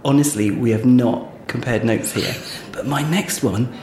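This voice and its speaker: A man with a mid-range, somewhat dark voice co-hosts a podcast, chatty and giggly as he draws out a long joke. It's playful comedy banter recorded in an echoey room with faint background noise.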